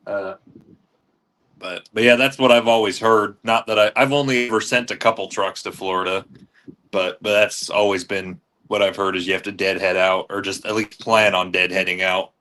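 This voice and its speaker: A low-voiced man who dispatches freight chimes in casually. He agrees in short bursts and restarts his sentences as he talks. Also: fairly even intonation, normal speed, sharp tone. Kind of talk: casual chat.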